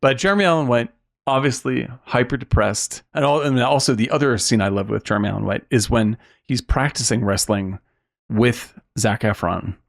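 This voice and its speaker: A man co-hosting a podcast in a casual film discussion, animated and acting out quotes in a raised voice. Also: mid-range voice, normal speed, creaky. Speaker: podcast co-host.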